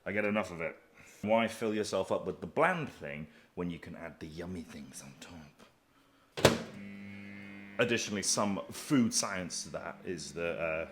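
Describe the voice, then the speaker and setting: A man's voice: low voice, background noise. A man in his thirties chatting casually and cursing freely while making a meal for his fitness vlog. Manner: chatty, profane and offhand. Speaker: bodybuilding vlogger.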